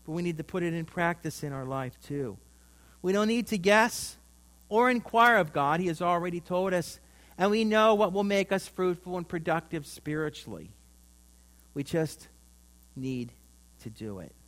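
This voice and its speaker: A man's voice: high voice, animated, normal speed, fairly bright tone. Man preaching a sermon, faint hum. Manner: storytelling, rising and falling emphasis.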